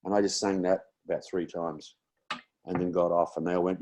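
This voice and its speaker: Deep-voiced older Australian man. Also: flat delivery, a little fast, darkish tone. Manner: rambling, anecdotal, many fillers and restarts. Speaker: guest comedian and impressionist. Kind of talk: casual storytelling chat.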